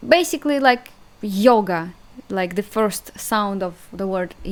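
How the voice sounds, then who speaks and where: Casting: young Russian-accented woman, native Russian, unhurried chatty online tutor, hesitant, mid-pitched. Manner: hesitant, chatty, laughs at herself, drawn-out sound demonstrations. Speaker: language teacher. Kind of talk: casual online language lesson.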